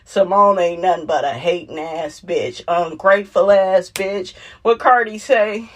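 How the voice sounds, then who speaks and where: A woman's voice: fairly low pitch, measured pace. A young adult woman, chatting casually and sassily about a reality show, laughing and acting out the people she quotes. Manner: animated, sassy, quotes cast members in voices, laughs often. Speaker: reality TV recap commentator. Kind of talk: casual chat.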